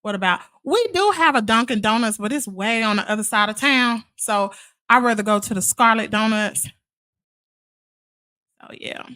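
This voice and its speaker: A high-voiced woman chats to her live viewers in a sassy, familiar way. Her tone is bright and sharp, and her voice sounds dry and close with no room around it. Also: normal speed, dry recording. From Mississippi, USA. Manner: chatty and sassy, calls viewers "child" and "honey". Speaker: live stream host. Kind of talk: casual live chat with viewers.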